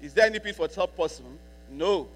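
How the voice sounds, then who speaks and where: A man preaching a sermon as a pastor, repeating key lines for emphasis and slowing down to read scripture. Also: high voice, expressive. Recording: long hall reverb with mains hum.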